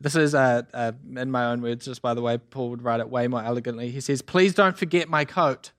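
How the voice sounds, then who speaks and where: A young man preaching a sermon as youth pastor, energetic and chatty with many asides and fillers. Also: medium pitch, fast talker. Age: young adult.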